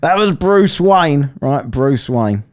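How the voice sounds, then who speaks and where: A man's voice: a little high, lively intonation, slow. A man hosting a casual live-stream, rambling, swearing and laughing as he plays listener clips. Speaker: streamer hosting a soundbite contest.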